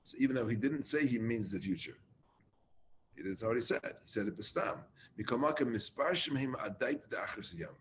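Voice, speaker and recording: List: man, middle pitch, Torah class teacher, reads Hebrew then explains in English, casual and halting, faint rumble behind. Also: animated. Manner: mixes Hebrew readings with plain English asides, with restarts.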